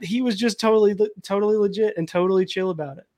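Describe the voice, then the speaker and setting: A man hosting a casual podcast chat, laughing and swearing through animated retellings. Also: high voice, quick pace, no echo.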